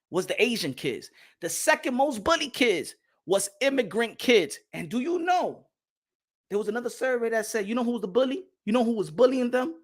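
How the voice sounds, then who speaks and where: A man's voice: very high-pitched, a bit bright. A man, hosting a boxing show and ranting in a profane, slangy way that keeps repeating itself. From New York. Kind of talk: heated livestream rant.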